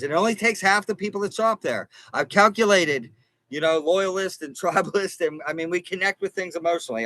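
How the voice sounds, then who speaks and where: A man's voice: a little high, fairly bright tone, no room sound, rough recording. A man hosting a casual livestream from inside an RV, talking earnestly to viewers in a rambling way, repeating and restarting phrases. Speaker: livestream host and consumer advocate.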